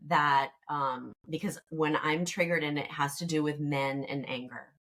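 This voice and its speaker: A woman hosts a podcast interview, responding to her guest warmly and thoughtfully. Her voice sits low. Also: steady tone, measured pace. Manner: warmly affirming, reflective. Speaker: podcast host. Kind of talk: conversational interview.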